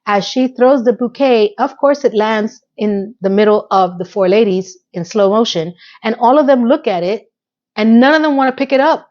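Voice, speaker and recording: A woman's voice: a little high, normal speed, darkish tone, muffled recording. A woman casually recapping a TV episode, chatty and full of opinionated asides.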